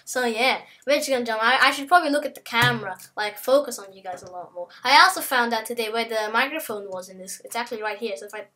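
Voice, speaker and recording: A woman giving casual let's-play commentary as a channel host, chatty and rambling, breaking into excited yelps and shouts as she plays. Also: a little high, fast talker, hardly any pauses, a crowd in the background. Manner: rambling, chatty asides to viewers. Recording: loud game music behind voice.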